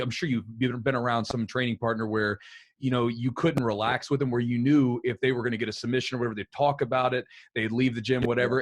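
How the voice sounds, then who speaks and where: Fast-talking male podcast host. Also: medium pitch. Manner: rapid, filler-heavy questioning. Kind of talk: casual interview chat.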